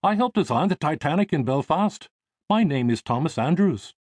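A busy young ship designer talks briskly and kindly to a curious boy in a storybook reading, as a male narrator voices him. The voice is a touch higher than the narrator's, with lively intonation. The recording is close and dry. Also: slightly rough, dry recording. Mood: friendly. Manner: brisk, friendly.

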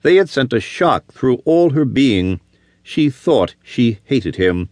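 Expressive male audiobook narrator. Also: mid-range voice, takes it slowly, no room sound. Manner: expressive storytelling. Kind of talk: scripted narration.

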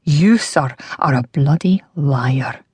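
A woman narrator voicing a ruthless cloaked male horseman, rasping and low with quiet menace, in an audiobook. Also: measured pace, no echo. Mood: menacing. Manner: lethally soft menace, bellowing commands. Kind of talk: audiobook character voice.

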